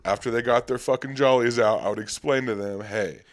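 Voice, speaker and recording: A young man hosting a podcast, telling casual stories in an animated way and laughing as he goes. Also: mid-range voice, fairly quick. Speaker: podcast host. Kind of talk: casual storytelling chat.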